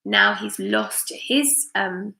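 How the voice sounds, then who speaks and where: A woman teacher reading a picture book aloud live for children, slow and expressive, asking her listeners questions. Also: mid-range voice, creaky, a little hiss or hum. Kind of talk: live read-aloud story time. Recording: echoey room.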